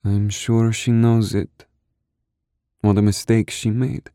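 Guy voicing a nervous young woman, soft hesitant questions, higher than his own voice, dry close recording. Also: slow pace, no echo. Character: fragile young woman hiding a secret.

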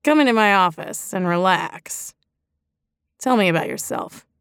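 Storybook role: a sleazy, smarmy middle-aged club owner, slightly lowered voice, read by a woman. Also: expressive, unhurried, vocal fry, a bit bright, smooth, dry recording, studio quality, heavily acted. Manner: leering, smarmy.

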